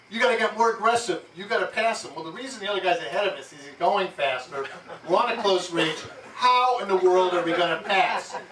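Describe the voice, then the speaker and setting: Brief: male keynote speaker, upbeat joking storyteller, slightly high voice, caught from far off in an echoey room with hiss. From New Jersey. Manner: lively, jokey anecdotes with frequent laughs. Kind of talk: storytelling speech to an audience. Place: yacht club event room. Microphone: far amateur camera. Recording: roomy, distant, noisy amateur tape.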